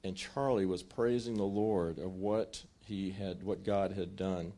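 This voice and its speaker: A man telling a wartime story in a sermon, with lively acted-out asides and frequent restarts. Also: low voice, measured pace.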